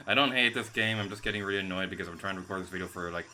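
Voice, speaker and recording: A man giving excitable, casual commentary over his own gameplay as a let's play host. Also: low-pitched, quick pace, a little hiss or hum. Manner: excitable, venting frustration at the game.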